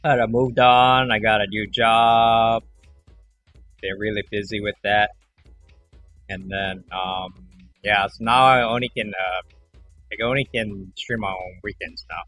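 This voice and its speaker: A man hosting a livestream, chatting casually in a rambling way and acting out callers in animated voices. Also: fairly low pitch, measured pace, pauses often, faint music behind. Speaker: livestream host.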